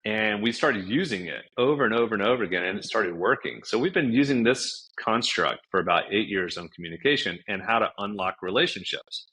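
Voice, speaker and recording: A man, guest on a podcast, tells stories with vivid energy, acting out what people said with big leaps in his voice. His voice sits fairly low and sounds forceful and bright. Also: fairly quick, hardly any pauses, breathy edge. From United States. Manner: animated storyteller, acts out quoted dialogue with big pitch jumps. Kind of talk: casual storytelling interview.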